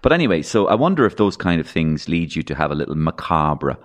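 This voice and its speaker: A man's voice: extremely low pitch, sing-song, quick pace. An Irish man telling rambling, darkly funny stories from his childhood as a podcast guest. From Ireland. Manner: rambling anecdotal storyteller, dark humour, acts out voices. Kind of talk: storytelling in a podcast interview.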